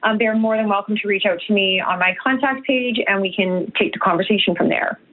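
A woman's voice: mid-range voice, brisk. A woman from Canada, earnest and a little emotional, speaking as a radio guest over the phone. Her voice comes through a tinny, narrow phone line. She talks with many fillers and restarts. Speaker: guest, nutritionist and health coach.

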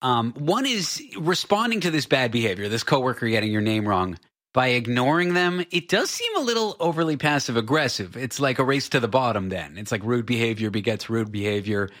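A man's voice: medium pitch, lively intonation, brisk, fairly bright tone. A man in his forties from Canada, co-hosting a radio talk show in a chatty, self-deprecating way. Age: 40s. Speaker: radio co-host. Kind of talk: casual radio chat.

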